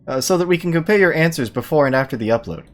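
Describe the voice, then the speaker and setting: A woman's voice: sits low, animated, very fast, soft background music, voice pushed up. A woman putting on the voice of an upstanding scientist in a visual novel read aloud, speaking in an overly formal, businesslike way.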